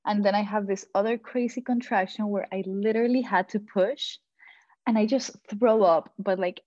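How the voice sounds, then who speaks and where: A woman's voice: mid-range voice, fairly quick, dry recording. A young woman telling a personal story in casual talk, full of "like" fillers and acted-out quotes. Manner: animated, many "like" fillers, acts out quoted lines. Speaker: guest. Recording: dull, dry sound.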